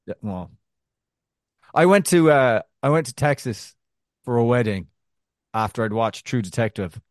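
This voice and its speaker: A man from Arkansas co-hosting a casual sports podcast, jokey and animated, often laughing. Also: medium pitch, unhurried, no room sound, clean studio sound. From Arkansas, USA. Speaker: podcast co-host.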